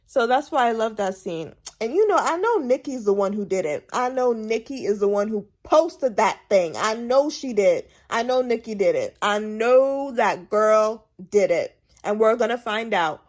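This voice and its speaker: A woman with a slightly high voice talks through her favorite scenes in a relaxed, chatty recap. She is animated and emphatic, circling back to repeat her points for emphasis. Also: measured pace. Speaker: TV show recap vlogger.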